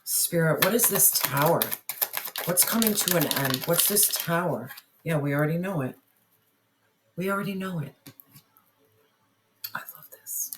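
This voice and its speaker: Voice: medium pitch, lively intonation, moderate pace, pauses often, noisy background. A tarot reader giving an earnest reading straight to the listener, often repeating phrases and asking spirit questions aloud. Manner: asks spirit questions aloud while drawing cards. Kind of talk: tarot reading addressed to viewers.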